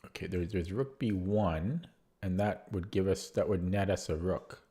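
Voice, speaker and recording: A young man with a slightly low voice talks through chess puzzles on a live stream. He thinks aloud, stumbles and restarts on words as he works out lines, and answers his chat between moves. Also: moderate pace, warm tone. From Canada. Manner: chatty replies to viewer chat.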